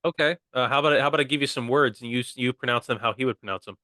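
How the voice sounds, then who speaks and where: Bright-voiced young man joking on a podcast. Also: mid-range voice, rapid-fire, no echo, studio quality. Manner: joking, playful, fond of silly voices. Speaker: podcast co-host. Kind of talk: casual comedy podcast chat.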